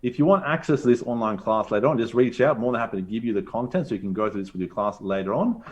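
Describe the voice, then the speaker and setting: A man presenting a design thinking workshop to teachers, animated and acting out his own thoughts in quick quoted asides. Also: medium pitch.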